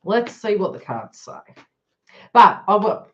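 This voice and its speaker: A woman's voice: mid-range voice, big pitch swings, a little slow, highs cut off. A woman giving a live card reading to her viewers, talking frankly and joking as she goes. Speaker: tarot reader.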